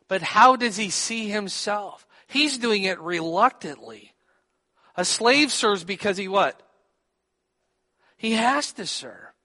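A man's voice: high-pitched, pushed and bright, long reverb tail. A man preaching a sermon, teaching and putting questions to his listeners. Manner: teaching, asks the audience questions.

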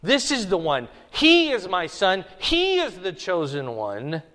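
A man's voice: sits high, huge pitch swings, slow, pushed and bright. A man preaching an expository Bible sermon, conversational and emphatic, pushing his voice up for stress. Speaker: pastor. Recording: long hall reverb.

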